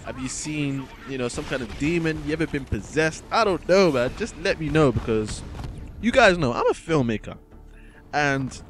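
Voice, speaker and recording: A young man commentating over gameplay, telling a story in a casual, rambling way with many restarts, often calling his viewers guys and man. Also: mid-range voice. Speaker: gaming commentator.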